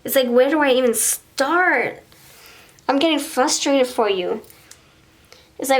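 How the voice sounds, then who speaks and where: A woman's voice: sits high, a little slow. A woman reading tarot cards for viewers. She thinks aloud as she pulls the cards and often stops and restarts her sentences. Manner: acts out imagined dialogue between partners. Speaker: tarot reader. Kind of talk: pick-a-card tarot reading.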